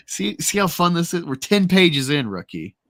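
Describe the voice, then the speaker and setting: A man's voice: sits high, no room sound, studio quality. A man in his thirties hosting a comic reaction show, reading panels aloud with lots of laughing and animation. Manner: animated, laughing, reads all voices. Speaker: host.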